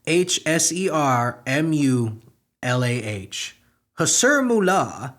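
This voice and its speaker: A young man riffs on news headlines with crude sarcasm. His voice sits a little high and jumps wildly between low muttering and sudden loud outbursts, never staying flat for long. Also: slow. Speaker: comedy podcast host. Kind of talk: profane comedic news commentary.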